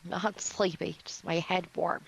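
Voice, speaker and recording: A woman's voice: lowish voice, fairly even intonation, unhurried, slight background noise, rough recording. A woman playing a ghost-hunting game with a friend, laid-back and joking, swearing casually as she chats. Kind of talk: casual gaming chat with a friend.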